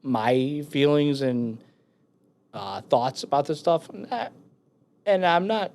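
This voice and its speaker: A man's voice: a little high, slow pace. A man in his thirties from the United States, a firefighter telling a war story in casual talk, swearing and acting out the others in it. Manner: swearing, animated when quoting others. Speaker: podcast guest, firefighter and veteran.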